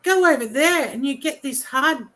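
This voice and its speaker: A woman's voice: high-pitched, lively intonation, moderate pace, bright, forceful tone, poor audio. An Australian woman chatting casually on a podcast, searching for words and amused by the topic. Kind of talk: casual chat.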